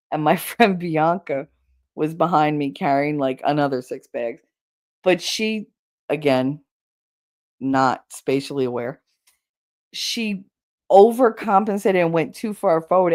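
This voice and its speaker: A woman streamer chats casually with her viewers, her pitch swinging up and down as she tells a story. She laughs a lot and swears freely. She is punchy from too little sleep. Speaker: live streamer. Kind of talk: casual chat with viewers, telling a funny story.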